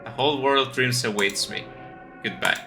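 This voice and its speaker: A man voicing a brooding man leaving for a world of dreams, reading game lines slowly in a lowered voice. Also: sharp tone, faint music behind, lightly acted. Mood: solemn. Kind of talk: reading game dialogue aloud.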